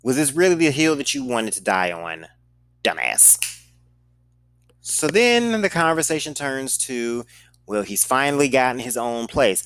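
A man's voice: mid-range voice, very animated, moderate pace, a bit bright, clear, resonant tone, dry recording. Sarcastic, foul-mouthed man with Southern accent. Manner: profane, sarcastic, blunt. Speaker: podcast host telling a story. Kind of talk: casual storytime monologue.

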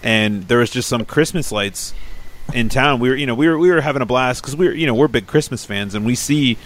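A man's voice: medium pitch, brisk. A man co-hosting a podcast, telling a casual story with some swearing. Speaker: podcast co-host.

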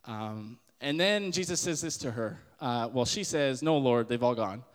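A young man hosting a podcast, giving a casual sermon-style Bible talk in an animated way and acting out the voices he quotes. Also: medium pitch, a little slow, in a large hall. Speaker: podcast host.

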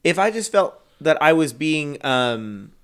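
A man's voice: fairly high pitch, very animated, unhurried, fairly bright tone, clear, resonant tone. A young man co-hosting a podcast in casual chat, rambling with lots of restarts and frequent laughter. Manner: giggly, rambling, many fillers and restarts. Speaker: podcast co-host.

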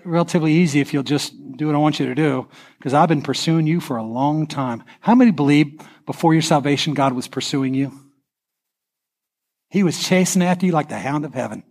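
A male pastor delivers a passionate sermon in a slightly higher-than-usual voice. He builds up to urgent near-shouts, then sinks down into a hushed prayer. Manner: impassioned preaching, rising to near-shouts.

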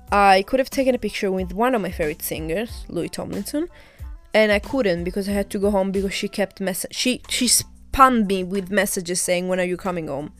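A young woman hosting her own podcast, candidly retelling a bad experience in a casual, indignant way with some swearing. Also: medium pitch. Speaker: podcast host. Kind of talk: casual storytelling monologue.

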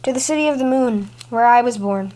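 A gentle young moon princess speaks softly through her tears in a storybook tale, voiced by a woman narrator. Her voice is fairly high. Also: fairly quick, lightly acted. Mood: sorrowful. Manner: soft, tearful. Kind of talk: storybook reading.

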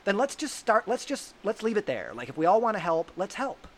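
A man's voice: sits high, big pitch swings, fairly quick. A man hosting a podcast, chatting casually and enthusiastically, affirming his guest. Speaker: podcast host.

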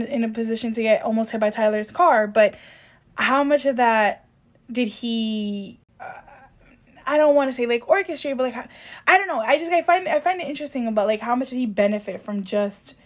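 A woman's voice: fairly high pitch, steady tone, moderate pace. A woman co-hosting a casual podcast chat, speaking in a hesitant, thoughtful way with many fillers and restarts. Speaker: podcast co-host.

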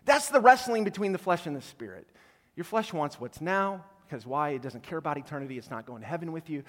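High-voiced male pastor preaching in a hall. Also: quick pace. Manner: animated, acts out quoted voices, swings from quiet to loud. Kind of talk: sermon. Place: church auditorium.

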